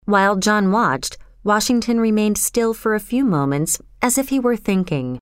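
Female audiobook narrator, smooth and crisp, measured delivery, dry close sound. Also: mid-range voice, lively intonation, dry recording.

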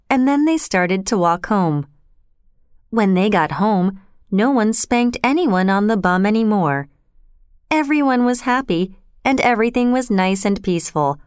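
A woman reads a children's storybook aloud in an expressive, storytelling manner. Her voice is smooth and clear. The recording is close and dry, with no room sound. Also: medium pitch, dry recording. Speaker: narrator.

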